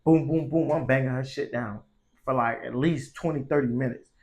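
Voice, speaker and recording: A man's voice: mid-range voice, normal speed, a little mellow. A young man telling a story casually, in slangy and profane speech that grows heated. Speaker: vlogger.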